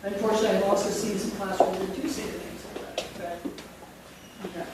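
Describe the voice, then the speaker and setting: A woman's voice: medium pitch, fairly even intonation, fast talker. A woman leading a phonics teacher training workshop, demonstrating classroom instruction step by step. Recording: echoey room from far off with noise.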